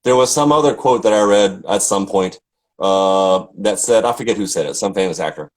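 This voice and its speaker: A middle-aged man from Tennessee, USA, who sings opera, chats casually in a lowish voice at a moderate pace. He tells stories full of fillers and restarts, and the recording is rough.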